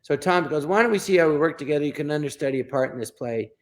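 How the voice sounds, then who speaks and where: A man, a guest comedian, telling anecdotes and acting out the people in them with animated bursts. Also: on the high side, rapid-fire. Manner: acts out quoted voices in animated bursts. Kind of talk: storytelling anecdotes.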